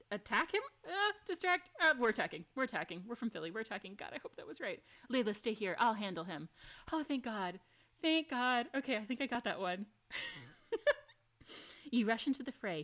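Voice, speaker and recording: A woman streaming a story game, reading its lines aloud and chatting with her viewers, excitable and quick to gasp and swear. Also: medium pitch. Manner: excitable, gasping, laughing and swearing between read lines.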